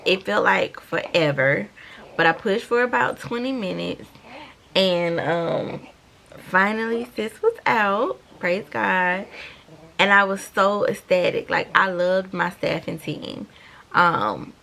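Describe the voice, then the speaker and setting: A woman's voice: mid-range voice, takes it slowly, gravelly, pushed and bright, a little hiss or hum. A woman, chatting animatedly to viewers in a storytime vlog. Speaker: vlogger.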